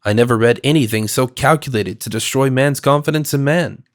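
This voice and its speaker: A man voicing a glib, smooth-talking cosmopolitan who speaks in an effusive, rhetorical way. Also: mid-range voice, brisk, natural voice. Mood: earnest.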